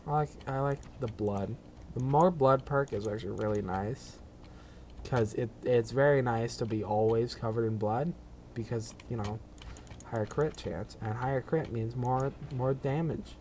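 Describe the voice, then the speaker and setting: Slow-talking man streaming a game. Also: medium pitch, darkish tone, slight background noise. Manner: rambling, self-mocking asides. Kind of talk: casual gameplay commentary.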